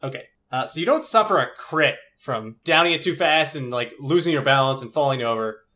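A woman's voice: a bass voice, animated, brisk, fairly bright tone. A woman narrating as game master in a loose, chatty way. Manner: loose, chatty, many fillers.

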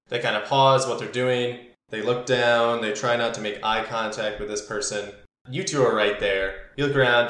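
A man's voice: mid-range voice, a bit bright. A man narrating as game master, loose and rambling, with frequent fillers. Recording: roomy echo.

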